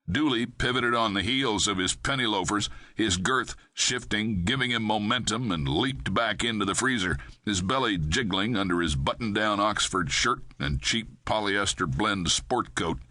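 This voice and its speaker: A man narrating a crime thriller audiobook in a steady, measured way. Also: fairly low pitch, dry recording, studio quality.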